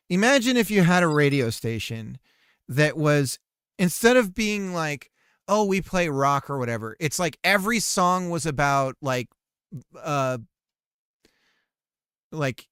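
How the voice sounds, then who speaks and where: A man's voice: on the high side, clean tone, no echo, clean studio sound. Rambling, jokey male game dev streamer. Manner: rambling and jokey, shifts between loud projecting and soft normal voice. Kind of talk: casual live-stream chat while coding.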